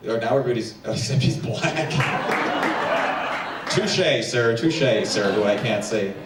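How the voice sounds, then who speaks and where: A man from New Jersey doing a stand-up comedy set with quick crowd work on a theater stage. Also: fairly low pitch. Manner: quick crowd work, animated voices for pets. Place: theater stage before a packed house. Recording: echoey stage sound from far off, audience noise.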